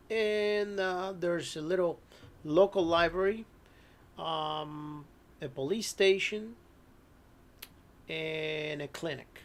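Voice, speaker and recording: Running a tabletop horror game as game master, a man with a slightly high voice narrates unhurriedly, with many ums and frequent throat clearing.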